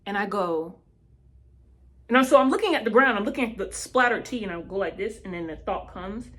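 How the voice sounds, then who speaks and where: A woman telling a personal testimony in a casual, animated way, speaking straight to her listeners. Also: mid-range voice, fairly quick.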